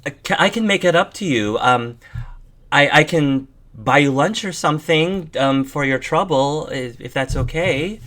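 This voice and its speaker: Man doing a flustered high-voiced bat woman. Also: expressive, a little slow, fairly bright tone. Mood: eager. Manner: flustered, stammering, apologetic. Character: nervous young female bat woman.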